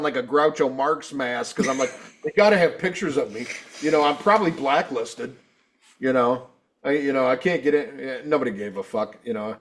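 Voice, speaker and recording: A man co-hosting a podcast, telling rambling, profane stories in casual chat and acting out quotes loudly. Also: medium pitch. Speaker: podcast co-host.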